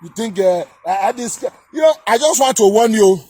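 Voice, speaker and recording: High husky man ranting. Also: expressive, moderate pace, no echo. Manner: shouting, scolding, repeats himself. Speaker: political commentator. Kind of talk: angry political rant.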